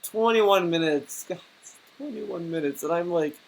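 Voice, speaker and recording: A man's voice: high voice, normal speed, creaky, low-quality recording. A man giving a reaction commentary as a YouTuber, stammering and repeating words as he rants and swears.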